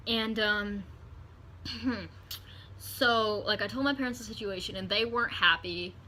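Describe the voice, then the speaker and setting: A woman vlogger telling a storytime tale in a hotel room, animated and profane. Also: mid-range voice, measured pace. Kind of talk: storytime vlog.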